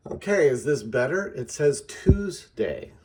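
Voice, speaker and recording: A man talks slowly and deliberately, walking listeners through a lesson. He draws out example words to sound them out, with a calm, middle-aged voice at an ordinary pitch. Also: a little hiss or hum. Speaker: teacher. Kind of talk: instructional explanation.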